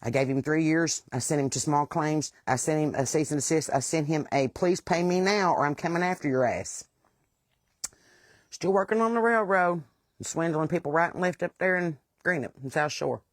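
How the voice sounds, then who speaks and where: A woman's voice: deep voice, brisk, no room sound. A middle-aged woman with a West Virginian accent, hosting a casual monologue and talking in a blunt, plain-spoken, aggravated way. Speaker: host.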